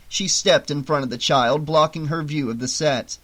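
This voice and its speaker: A man's voice: on the high side, moderate pace, few pauses, a bit bright. Man reading a horror audiobook. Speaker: audiobook narrator. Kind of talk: audiobook narration.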